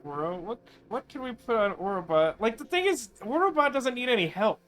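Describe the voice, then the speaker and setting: A man's voice: very high voice, lively intonation, brisk, fairly bright tone. Man thinking aloud over a card game. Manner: chatty, thinking aloud, wry. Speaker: streamer. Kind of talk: let's-play commentary.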